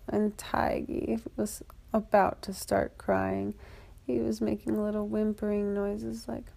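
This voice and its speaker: A woman's voice: mid-range voice, flat delivery, slow pace, vocal fry, dark tone. A woman making up a children's story as she goes, rambling along with fillers and restarts. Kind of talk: improvised children's story narration.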